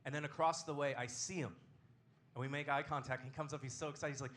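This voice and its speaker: Bright-voiced deadpan stand-up comedian, man. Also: on the high side, quick pace, slight background noise. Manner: deadpan, self-deprecating delivery. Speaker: comedian hosting a comedy show. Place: comedy club stage.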